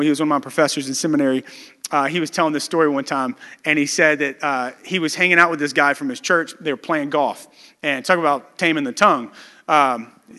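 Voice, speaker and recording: Bright-voiced pastor preaching in a hall. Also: male voice, high voice. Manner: conversational preaching with storytelling and repeated restarts. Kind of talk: sermon.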